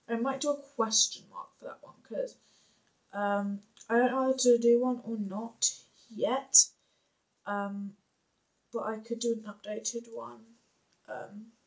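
A young woman vlogs from home in a high voice. She talks slowly and unhurriedly, wandering through her thoughts with plenty of ums and likes. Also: low-quality recording. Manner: rambling, hesitant, lots of fillers. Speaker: vlogger. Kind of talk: casual vlog chat.

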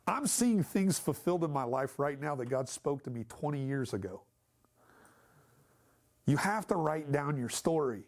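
A man's voice: on the high side, sing-song, normal speed, a little mellow. A man teaching a church Bible study class, talking in a conversational, emphatic way and putting questions to the class.

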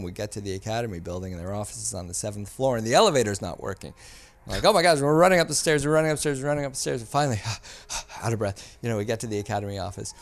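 Gravelly man telling a lively story. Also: fairly low pitch. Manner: animated, quick to act out quoted people. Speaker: podcast guest, filmmaker. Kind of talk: casual anecdotal storytelling. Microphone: studio mic.

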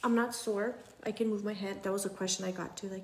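A young woman talking casually to her phone at home, chatty and often dropping to a soft near whisper. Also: medium pitch, fairly even intonation, fast talker. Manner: chatty, repeats "you guys", drops to a near whisper at times. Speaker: patient sharing her recovery. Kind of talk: casual selfie vlog. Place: at home indoors.

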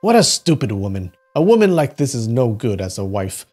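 A man voicing a foolish, stubborn husband in a folktale reading, his voice jumping high and low. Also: sing-song, fairly quick, mellow, slightly rough, faint music behind. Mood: scornful. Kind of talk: storybook reading.

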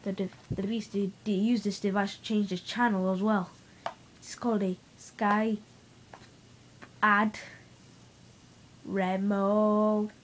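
Slow, silly young girl vlogging at home. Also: medium pitch, flat delivery, slight background noise, low-quality recording. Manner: silly, giggly storytelling with mock-serious asides. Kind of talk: playful home video tour. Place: home bedroom.

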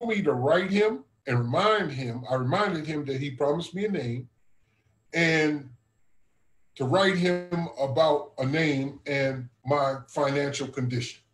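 A man's voice: fairly high pitch, unhurried, reverberant, rough recording. A man who serves as a regional minister, earnestly telling a personal testimony in a conversational way and often calling his listener brother. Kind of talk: testimony storytelling.

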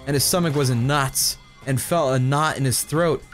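A man's voice: mid-range voice, moderate pace, faint music behind. A man in his twenties reading a fanfic aloud while playing a game, casual and stumbling, swearing at his own slips. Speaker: YouTuber.

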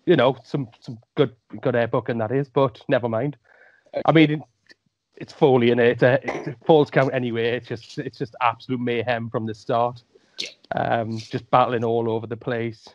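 A man's voice: mid-range voice, steady tone, normal speed. A man with a mixed Geordie and Welsh accent chatting as a podcast guest, jokey and wry as he talks. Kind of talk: casual chat. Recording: dry, dull lo-fi sound.

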